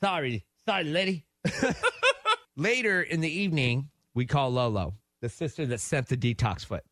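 A man's voice: on the high side, normal speed, no room sound, clean studio sound. A man, co-hosting a morning radio show and telling a story, acting out the quotes as he goes. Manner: animated storyteller who acts out quotes. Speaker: radio co-host.

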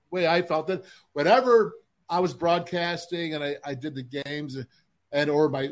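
Animated podcast co-host, higher voice. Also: male voice. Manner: animated, acting out quotes. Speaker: co-host, former player. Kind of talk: casual podcast chat.

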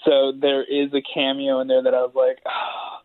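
A man's voice: medium pitch, fairly quick, no room sound. A man, father of a ten-year-old, chatting casually on a podcast panel, rambling with lots of fillers. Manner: relaxed, rambling with many fillers. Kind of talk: casual chat. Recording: tinny phone-like line.

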